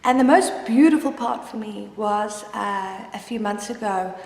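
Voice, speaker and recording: Brief: candid mom vlogger, rambling and open, in a roomy space with a long reverb tail. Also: female voice, medium pitch, a little slow, creaky, darkish tone. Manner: candid, rambling, with frequent restarts. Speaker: mother sharing her story. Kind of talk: personal confessional vlog.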